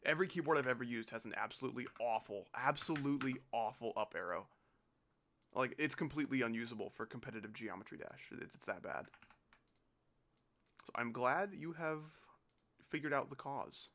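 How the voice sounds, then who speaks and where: A man's voice: mid-range voice, lively intonation, brisk, a bit bright. A young man hosting a live stream, chatting casually and joking with chat and a friend while playing. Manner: joking, giggly, reads out chat.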